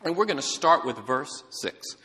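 A man preaching as a guest pastor, telling a story with animated delivery and calling to the congregation. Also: on the high side, moderate pace, in a large hall. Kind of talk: sermon. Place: church sanctuary.

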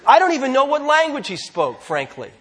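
A man preaching a sermon as pastor, earnest, slowing down to stress key phrases. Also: very high voice, wildly swooping pitch, a bit bright.

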